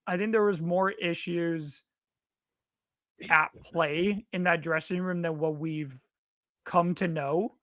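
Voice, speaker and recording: A young man co-hosting a sports talk stream, reacting with quick exclamations and offering opinions. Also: a little high, steady tone, fairly bright tone, no echo, studio quality. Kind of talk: casual sports chat.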